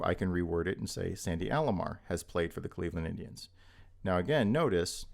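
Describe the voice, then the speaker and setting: Man, low voice, gravelly fry, logic lecturer, patient step-by-step explaining, recorded lecture. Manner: explanatory, repeats points with frequent "right?" checks. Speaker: logic instructor.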